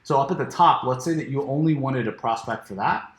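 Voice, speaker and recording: A man giving a casual screen-share software walkthrough, full of fillers and restarts, saying he is losing his voice. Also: medium pitch, a little fast. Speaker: software reviewer. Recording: echoey room.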